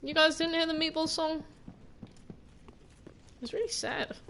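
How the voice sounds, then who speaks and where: A woman's voice: sits high, steady tone, a little slow, gravelly, fairly bright tone, slight background noise. A woman game streamer giving casual, rambling gameplay commentary and swearing now and then.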